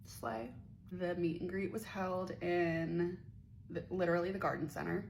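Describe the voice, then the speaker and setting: A woman's voice: lowish voice, flat delivery, moderate pace, vocal fry, a little mellow, slight background noise, poor audio. Chatty young woman telling a wild story. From Pittsburgh area, USA. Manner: chatty, profane, dramatic quoted voices. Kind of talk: casual storytime vlog.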